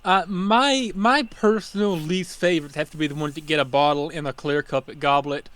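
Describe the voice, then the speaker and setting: This podcast co-host speaks at a moderate pace in a fairly high, slightly bright voice, with no echo. He worked carnival games and rambles through irritated stories about it, often saying the same things again.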